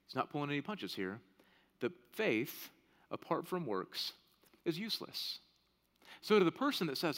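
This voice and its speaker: Man preaching, thirties, high voice, conversational, long hall reverb. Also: sing-song, moderate pace, a bit bright. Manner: conversational, often asks "right?". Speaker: pastor. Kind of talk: sermon.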